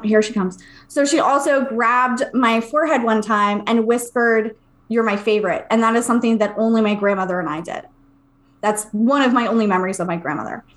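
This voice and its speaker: Lively woman telling a story. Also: fairly high pitch. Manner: animated, acts out quoted voices, swears casually. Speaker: podcast co-host. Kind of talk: casual storytelling.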